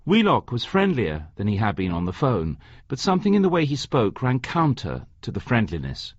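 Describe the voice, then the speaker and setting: A man narrating an audiobook in a slow, deliberate reading. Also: medium pitch, huge pitch swings, breathy edge, no room sound. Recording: dry, slightly muffled recording.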